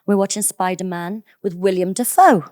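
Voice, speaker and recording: A woman in her late twenties, an actress guest, telling animated, slangy anecdotes in casual chat. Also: medium pitch, normal speed.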